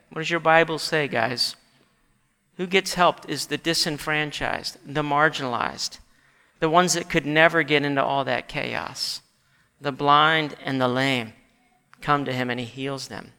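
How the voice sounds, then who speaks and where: A man preaching a sermon in a church, animated and rising to shouts when he quotes scripture. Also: fairly high pitch, vocal fry, clear, resonant tone, in a large hall. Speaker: pastor.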